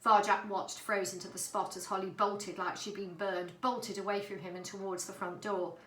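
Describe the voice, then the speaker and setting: Brief: woman storybook narrator, bright and expressive, echoey room. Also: medium pitch, normal speed, slight background noise. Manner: expressive, dramatic. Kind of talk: storybook reading.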